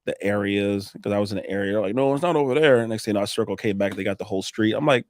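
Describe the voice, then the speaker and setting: Fast-talking animated contractor. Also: male voice, on the low side, no room sound, clean studio sound. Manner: fast, animated, acts out both sides of conversations, swears casually. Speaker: roofing contractor guest. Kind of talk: casual storytelling interview.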